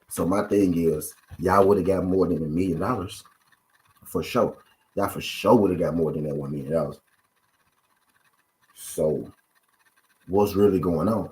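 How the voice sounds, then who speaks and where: Brief: low, mellow male host, casual boxing rant, keeps pressing viewers with questions. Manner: repetitive, full of rhetorical questions to viewers. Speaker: boxing commentary channel host.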